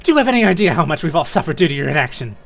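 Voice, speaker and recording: A man's voice: fairly high pitch, big pitch swings, very fast, gravelly, a bit bright, full character voice. A man voicing a furious young female psychic cat creature in a game, accusing someone and demanding answers. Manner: angry, accusing.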